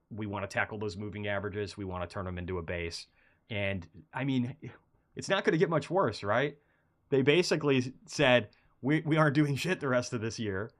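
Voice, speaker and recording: A man hosting a casual market commentary stream, talking through charts in a rambling, conversational way while feeling a bit unwell. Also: fairly low pitch. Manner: conversational, rambling, animated bursts of excitement. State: feeling unwell, low energy.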